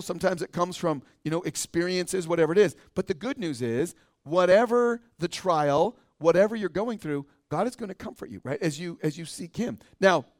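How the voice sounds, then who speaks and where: An American man, a pastor, preaching a conversational sermon and often ending points with a quick "right?". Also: a little high, no room sound, clean studio sound. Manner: conversational preaching, frequent tag question "right?".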